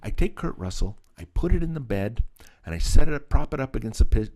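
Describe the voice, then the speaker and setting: A middle-aged special effects artist from Southern California, appearing as a guest in a casual storytelling interview, speaks fast in a mid-range voice. He's animated, laughs often, and acts out the voices of the people in his stories.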